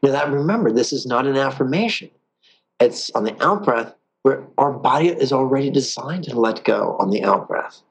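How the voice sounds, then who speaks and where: A man teaching a guided meditation in a calm, playful way, slowing down for the guided phrases. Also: medium pitch, husky, poor audio.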